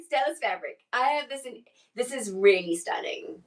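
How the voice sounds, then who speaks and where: A woman's voice: medium pitch, big pitch swings, moderate pace, a bit bright, low-quality recording. A middle-aged woman, a personal stylist, chatting casually on a live shopping stream, answering viewer questions and often restarting her sentences.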